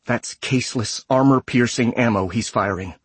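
A man voicing a tough female soldier who speaks in a hushed whisper. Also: medium pitch, normal speed, breathy edge, no echo, natural voice. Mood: tense whisper.

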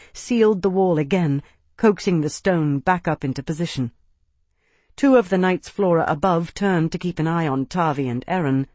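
Audiobook narrator, steady even delivery, mid-pitched voice, dry close sound with no room. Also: no echo. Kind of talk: scripted narration.

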